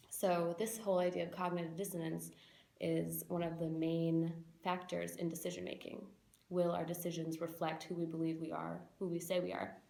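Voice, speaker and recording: A woman's voice: fairly low pitch, gravelly, a little mellow. A young woman giving a casual spoken lesson, explaining ideas with everyday examples and fillers. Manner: casual, with fillers and quoted inner voices. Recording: echoey room.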